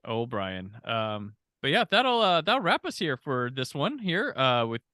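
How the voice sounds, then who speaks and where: A male podcast host with a bright, lively voice that moves a lot in pitch. He talks casually and agreeably, leaning on easy fillers, recorded dry and close. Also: unhurried, dry recording. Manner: relaxed, agreeable, lots of fillers. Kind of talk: casual chat.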